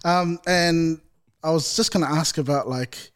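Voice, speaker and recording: A man co-hosting a podcast, asking a question hesitantly and politely with many pauses. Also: on the high side, a bit bright, clear, resonant tone. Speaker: podcast co-host. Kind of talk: casual podcast conversation.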